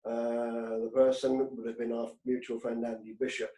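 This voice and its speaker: A man's voice: mid-range voice, level tone, normal speed, mellow, echoey room, rough recording. A man being interviewed, telling anecdotes in a chatty, self-deprecating way with frequent restarts. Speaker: guest, industry executive. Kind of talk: casual anecdotal chat.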